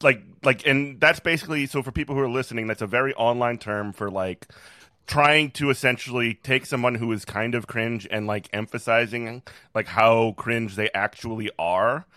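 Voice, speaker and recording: A man's voice: mid-range voice, moderate pace, pushed and bright, no room sound. A man co-hosting a podcast in casual political chat, chatty, laughing often and full of fillers. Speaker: podcast co-host.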